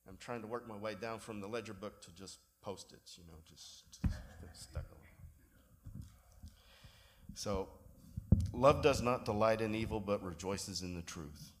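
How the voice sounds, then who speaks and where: A pastor, giving a sermon in a relaxed storytelling way with self-deprecating humor. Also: male voice, fairly low pitch, normal speed, a little hiss or hum.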